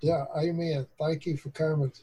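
A man's voice: fairly high pitch, flat delivery, moderate pace, dark tone, slightly rough, poor audio. A man with a Tennessee Southern accent, hosting a prayer group over a video call in a folksy, joking way. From Tennessee, USA. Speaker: host of an online prayer group. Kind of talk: casual chat on a video call.

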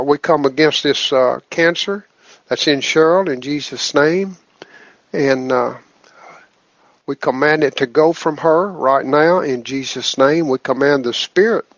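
A man's voice: mid-range voice, no echo, dull audio. A man leading spoken prayer on a phone conference call, earnest and repetitive, returning to "Lord" between phrases. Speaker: prayer line leader.

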